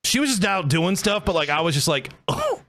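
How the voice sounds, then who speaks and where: A young man with a bright, lively voice that swings up and down as he chats on a casual podcast. He talks in loose slang and laughs easily. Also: on the high side, brisk, no room sound. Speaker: podcast co-host.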